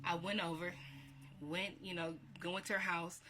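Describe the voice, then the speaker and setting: A woman, chatting warmly and reminiscing, laughing often and repeating herself. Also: on the low side, moderate pace. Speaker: vlogger. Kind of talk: casual encouraging talk. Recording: steady background hiss.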